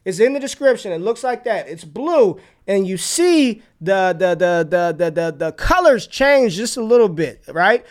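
A man's voice: high-pitched, very animated, moderate pace, hardly any pauses. A man hosting a casual sports podcast, talking loosely with restarts and casual swearing. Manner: loose, repetitive, swears casually, hypes sponsor. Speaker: podcast host.

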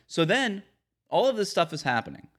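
A man's voice: high-pitched, very animated, normal speed, a bit bright. A man hosting a sports podcast, delivering an emphatic, ranting opinion monologue. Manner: emphatic, ranting, mocks quotes with put-on voices. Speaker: podcast host.

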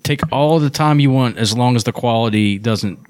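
A man's voice: medium pitch, normal speed, a little mellow, no room sound, clean studio sound. A man in casual chat, asking curious questions.

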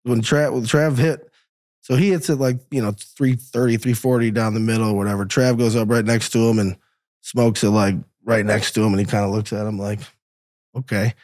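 Halting, rambling man chatting on a podcast. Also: fairly low pitch, fairly even intonation, darkish tone. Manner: rambling, halting, repeats words. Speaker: podcast guest, golf caddy. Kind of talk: casual chat. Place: podcast studio.

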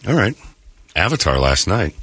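A man's voice: low-pitched, sing-song, moderate pace, fairly bright tone, slightly rough, dry recording. A man hosting a morning radio show, telling rambling stories in casual chat and laughing as he goes, his throat thick from allergies. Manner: rambling storyteller, laughs mid-story. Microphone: studio mic.

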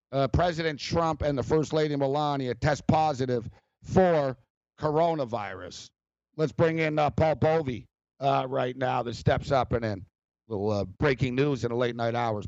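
Male sports radio host, fairly high voice, rambling and animated; dry, slightly muffled sound. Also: no room sound. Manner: rambling, animated, laughs often, many fillers. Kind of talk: casual sports talk.

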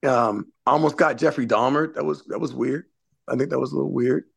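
A man's voice: mid-range voice, brisk, creaky, slightly rough. A man co-hosting a podcast, telling a rambling, filler-heavy story in casual chat. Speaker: podcast host.

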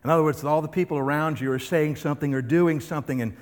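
A pastor preaching a sermon, emphatic and fond of asking his listeners questions. His voice sits somewhat high for a man. It carries the long reverb of a large hall. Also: steady tone, fast. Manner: emphatic, full of rhetorical questions.

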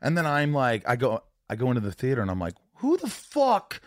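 A man's voice: mid-range voice, lively intonation, quick pace, a bit bright, no room sound, studio quality. A man hosting a casual conversation, emphatic and swearing freely as he talks.

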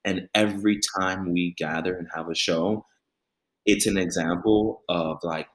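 A man's voice: low voice, unhurried. A young adult man, a musician, telling a personal story in an interview and acting out the voices of the people in it. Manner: animated storyteller acting out quoted voices, with laughter. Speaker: musician and band leader.

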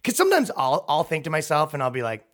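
A man's voice: fairly high pitch, wildly swooping pitch, quick pace, fairly bright tone. A man hosting a podcast, delivering a sarcastic, profane, rambling comedic rant. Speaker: podcast host. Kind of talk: comedic monologue.

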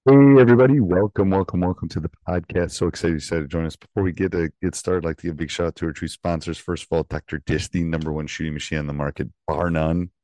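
A man's voice: rumbling low, little pitch movement, quick pace, few pauses, darkish tone. A middle-aged man, a basketball coach, hosting his podcast in a casual, rambling way with many restarts. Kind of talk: casual solo podcast talk.

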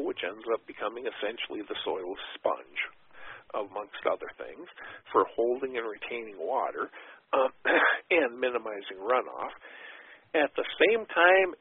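A man's voice: mid-range voice, slightly rough, dry recording. A man giving folksy, rambling answers as a guest in a podcast interview, with sarcastic asides and many digressions. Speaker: guest habitat expert. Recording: tinny phone line.

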